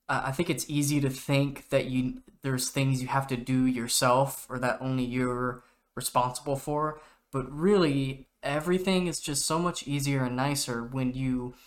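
A young man co-hosting a podcast, talking casually and reflectively with hesitant restarts. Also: medium pitch. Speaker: podcast co-host. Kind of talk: casual chat.

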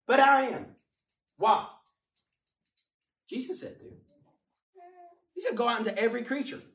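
A man preaching a sermon with passion, swinging from quiet, low remarks up to emphatic shouts. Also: a little slow. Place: church hall. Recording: roomy sound from a distant mic.

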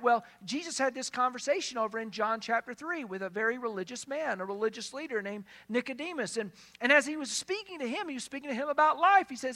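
A pastor preaching a sermon in a conversational way, asking the listeners questions and retelling scripture as lively dialogue. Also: medium pitch, quick pace, few pauses. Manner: conversational, asks the congregation questions.

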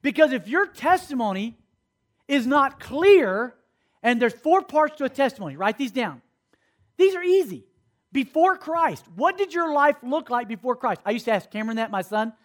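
Man, 50s, high-pitched voice, youth preacher, animated, conversational, checks in with the audience. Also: moderate pace. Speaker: camp speaker teaching students. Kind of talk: sermon-style teaching to a youth audience.

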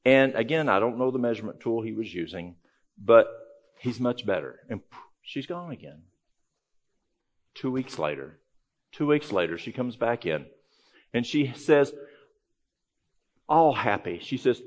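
A man's voice: medium pitch, animated, a little slow, long pauses. A man giving a conversational, folksy talk to a live audience, telling a story with frequent restarts. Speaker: health ministry speaker.

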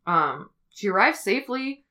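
Rambling woman host with a bright voice. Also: mid-range voice, big pitch swings, moderate pace. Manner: rambling, filler-heavy, thinks out loud. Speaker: podcast host. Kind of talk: casual storytelling.

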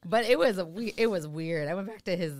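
A woman's voice: lowish voice, a little fast, no room sound. A woman in her thirties, a comedian guest, telling stories in a casual podcast chat and acting out the voices of people she quotes. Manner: animated storyteller, acts out quoted voices.

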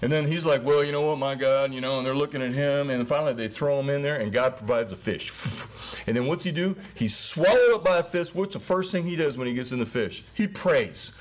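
A man's voice: medium pitch, fairly quick. A middle-aged man giving an informal, conversational sermon, often slipping into the voices of the people he describes. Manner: casual, conversational, acts out voices of biblical figures. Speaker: preacher.

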